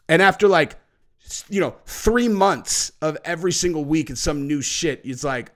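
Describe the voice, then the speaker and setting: A man's voice: a little high, moderate pace, fairly bright tone. A man hosting a video, giving mocking, profane commentary on a clip. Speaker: host.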